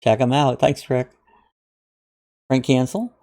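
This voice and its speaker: A man's voice: medium pitch, takes it slowly, warm tone. A man from Ohio hosting his channel, casually chatting through viewer comments with lots of uhs and restarts. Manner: rambling, friendly, with frequent uhs and restarts. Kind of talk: casual chat.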